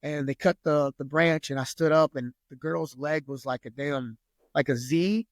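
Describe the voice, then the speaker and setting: Guy, 30s, relaxed profane storyteller, slightly high voice, dry close mic. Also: moderate pace, no room sound. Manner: loose, profane, lots of "like". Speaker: podcast guest. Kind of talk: casual storytelling.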